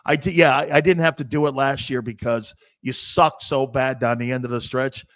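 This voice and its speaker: A man in his fifties talking football as a guest on a casual sports show, brash and joking, jumping between loud bursts and mutters. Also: medium pitch, steady tone, moderate pace. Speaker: guest analyst.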